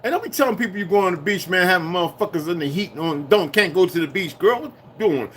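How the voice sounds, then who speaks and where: Man, voice a touch high, profane rambling rant, faint traffic noise behind. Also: expressive, fast talker. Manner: profane, heated, swings from shouting to muttering. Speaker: vlogger.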